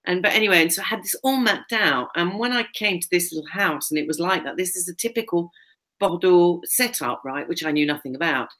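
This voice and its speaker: A woman's voice: lowish voice, lively intonation, quick pace, a bit bright. A middle-aged woman telling a personal story in casual, rambling talk, full of fillers and restarts as she co-hosts a chat.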